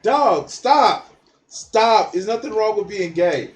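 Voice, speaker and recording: Guy ranting over a clip, swearing a ton, high voice bouncing all over, takes his time. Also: animated, slow. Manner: mocking, blunt, swears a lot, laughs at the clip. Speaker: video commentator reacting to a documentary. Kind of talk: profane reaction commentary.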